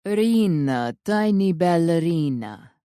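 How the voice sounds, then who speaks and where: A smooth Italian-accented man , as a woman narrator puts him on, croons down a phone line, affectionate and easy. His voice sits low and mellow, slow and dry. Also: expressive, dry recording. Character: charming Italian man, old high school sweetheart.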